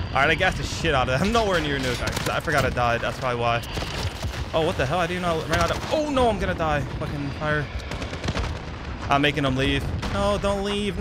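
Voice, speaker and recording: A young man calls his own match with hyped, boastful energy, sitting a little higher in pitch than most men. He repeats short phrases over and over. Loud gunfire and explosions from the game run under his voice. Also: heavy background noise. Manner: hyped, trash-talking, repeats himself. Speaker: gaming YouTuber. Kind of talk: live gameplay commentary.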